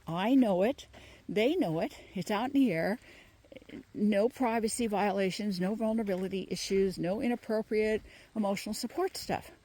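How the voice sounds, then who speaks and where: A woman healer giving emphatic, animated spoken advice while walking outdoors with her dog. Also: medium pitch. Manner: emphatic, animated, mimics others in quoted voices. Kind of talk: casual spoken advice monologue.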